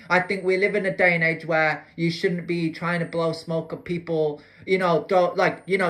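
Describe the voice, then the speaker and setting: A man's voice: high-pitched, sharp tone. A man delivering a rambling, agitated rant to camera. He swears often, stumbles over words and drops slangy asides like "bro". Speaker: vlogger. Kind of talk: ranting monologue to camera.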